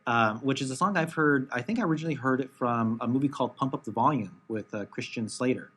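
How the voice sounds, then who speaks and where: A man co-hosting a casual podcast chat, halting and full of fillers, poking fun at himself. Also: medium pitch, a bit bright, breathy edge. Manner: hesitant, many fillers and restarts, self-mocking. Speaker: podcast co-host.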